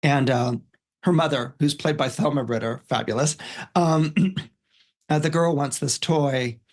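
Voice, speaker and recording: An astrologer appearing as a podcast guest casually retells a film's plot, rambling with many fillers and restarts. His voice is on the high side and unhurried.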